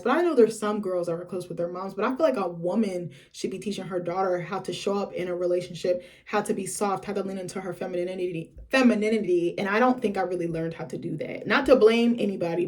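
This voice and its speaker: A woman's voice: medium pitch, darkish tone. A young woman telling a candid story to the camera, chatty and casual, with lots of filler words. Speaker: vlogger host.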